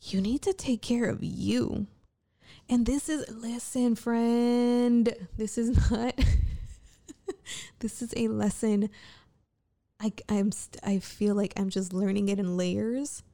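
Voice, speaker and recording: Gravelly-voiced woman rambling late at night. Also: a little high, fairly even intonation, slow, pauses often, dark tone. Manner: candid, profane, rambling with frequent restarts. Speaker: vlogger.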